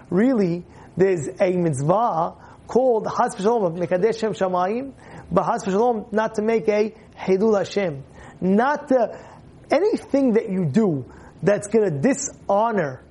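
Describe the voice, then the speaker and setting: Man as religious teacher, animated, keeps asking the audience questions, acts out scenes. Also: sits high, slightly rough. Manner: lively, questions the listeners, acts out stories. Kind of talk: animated Torah lesson.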